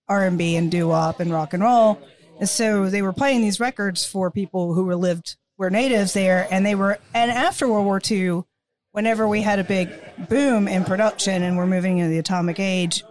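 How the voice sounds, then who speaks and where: A woman's voice: mid-range voice, a little mellow. A woman co-hosting a casual podcast, explaining music history at length in a knowledgeable way, with frequent fillers. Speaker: podcast co-host.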